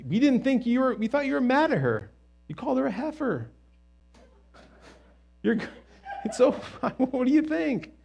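A man voicing an exasperated older father-in-law in a retold Bible story, raising his voice high and stammering in a flustered way. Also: very animated, moderate pace, gravelly, long pauses, darkish tone, muffled recording, a little hiss or hum, heavily acted.

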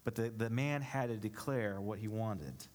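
A man's voice: on the low side, moderate pace, darkish tone. A male pastor preaching a sermon, reading scripture aloud and explaining it with rhetorical questions to the congregation. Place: church.

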